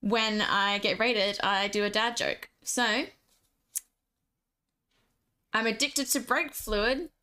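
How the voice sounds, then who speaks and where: A woman's voice: medium pitch, fairly even intonation, slow, pauses often, pushed and bright, clear, resonant tone. A young woman streamer chatting casually and jokily with her viewers. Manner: chatty, giggly, jokey. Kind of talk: casual live-stream chat.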